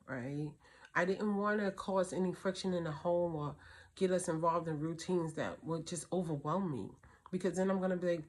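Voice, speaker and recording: A middle-aged woman with a fairly low voice talks casually about raising her girls alone. She is animated and keeps jumping into little voices for her kids and for herself. It sounds like a relaxed, heartfelt advice chat. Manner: animated storyteller, acts out her kids' and her own voices. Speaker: host.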